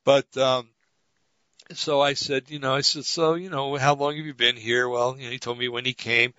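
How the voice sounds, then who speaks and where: A man's voice: mid-range voice, flat delivery, moderate pace, bright, forceful tone, clean tone, no room sound. A man co-hosting a talk show, chatting casually about politics and rambling through stories with many fillers and restarts. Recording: dull lo-fi audio.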